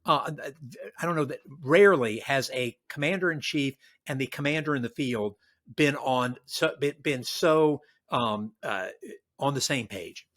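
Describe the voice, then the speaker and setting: A man in his sixties from the American South, a retired army general, talking history in a podcast interview with lively, restart-filled delivery. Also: medium pitch, measured pace. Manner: animated, acts out quoted voices, frequent restarts.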